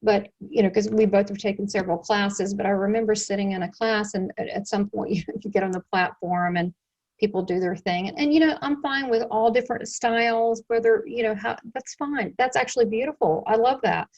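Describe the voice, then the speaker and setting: A woman hosting an interview show, talking in a chatty, animated way, full of asides. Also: mid-range voice, dull audio. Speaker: show host. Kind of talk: casual interview chat.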